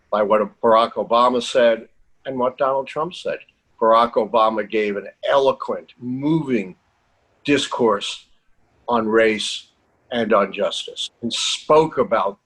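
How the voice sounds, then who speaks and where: Older American male academic guest, husky voice, emphatic and indignant, punches key words. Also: fairly low pitch, fairly bright tone, low-quality recording. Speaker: political science professor, guest. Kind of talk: TV interview answers.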